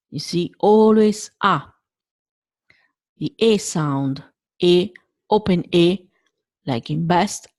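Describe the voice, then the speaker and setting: A woman's voice: lowish voice, extremely slow, long pauses, no room sound. Woman, Italian accent, language teacher, careful vowel demonstrations, dry close sound. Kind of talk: language lesson.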